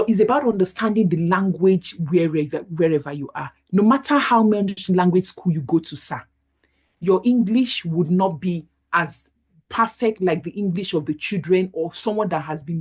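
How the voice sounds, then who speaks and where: A woman's voice: on the low side, normal speed, a little mellow, husky. A middle-aged woman doctor, reassuringly answering a question in an online career workshop. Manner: reassuring, explanatory, with many "you know" fillers.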